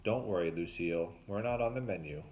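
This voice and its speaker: A man voicing a calm, level-headed teenage boy. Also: low-pitched, brisk, lightly acted. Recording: tinny phone-like sound.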